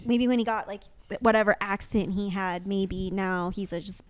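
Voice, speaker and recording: A woman's voice: medium pitch, fairly even intonation, moderate pace, smooth, no room sound. A woman co-hosting a podcast in casual chat, hedging her points with lots of filler words. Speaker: podcast co-host.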